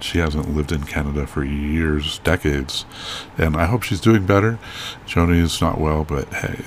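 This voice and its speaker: A man's voice: low-pitched, a little hiss or hum. A man co-hosting a podcast in casual chat, rambling and joking with many restarts. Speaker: podcast co-host.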